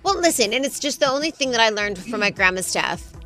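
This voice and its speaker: A woman co-hosting a morning show in casual chat, playful and quick to laugh as she banters. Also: fairly high pitch, expressive, fairly bright tone, soft background music.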